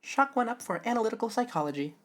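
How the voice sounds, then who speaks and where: A man voicing an eager young woman lawyer excitedly working out who a visitor is. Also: very high voice, quick pace, pitched above the performer's own voice, exaggerated voice. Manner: excited, sharp, deductive.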